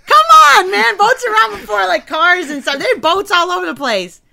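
A young adult woman co-hosting a casual podcast, animated and jokey, slipping into playful baby talk. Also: very high voice, fairly quick, gravelly. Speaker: podcast co-host.

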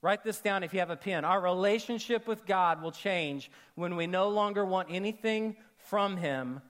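A man preaching a sermon to a congregation, animated, acting out quoted voices and dropping to soft, intimate tones for emphasis. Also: high-pitched, moderate pace. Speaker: pastor. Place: church auditorium with a congregation.

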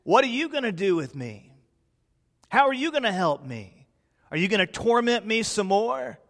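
A man's voice: sits high, big pitch swings, normal speed, a bit bright, long reverb tail, voice pushed up, heavily acted. A man preaching who voices a tormented, demon-possessed man crying out and pleading. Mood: desperate pleading.

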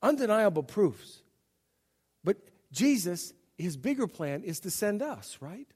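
A middle-aged man with a notably high voice preaches to his congregation. He talks in an easygoing, conversational way and slips into quick character voices to act out the story. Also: big pitch swings, darkish tone, slightly rough. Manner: conversational, acts out Bible scenes in voices. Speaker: pastor. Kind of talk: sermon.

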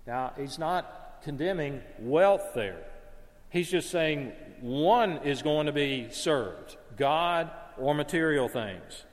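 A man's voice: a little high, big-room sound. A man preaching a sermon in an earnest, conversational way, sometimes stopping to correct himself. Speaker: pastor.

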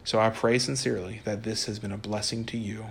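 A man's voice: fairly low pitch, steady tone, brisk, vocal fry, a little hiss or hum. A man preaching an earnest, conversational sermon, reading a story aloud and then speaking to his listeners directly.

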